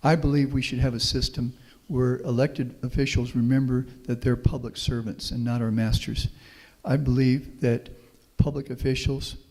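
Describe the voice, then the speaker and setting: A man's voice: medium pitch, flat delivery, moderate pace, few pauses, a little mellow. A middle-aged man from Houston, Texas, giving a folksy, anecdotal public talk as a professor and answering audience questions. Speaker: guest speaker, professor. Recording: long reverb of a meeting hall.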